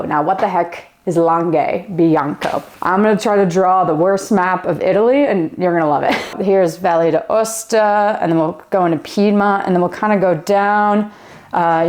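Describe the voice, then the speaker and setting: A woman's voice: medium pitch, darkish tone. Woman, casual wine explainer, chatty and playful, laughs a lot. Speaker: wine educator.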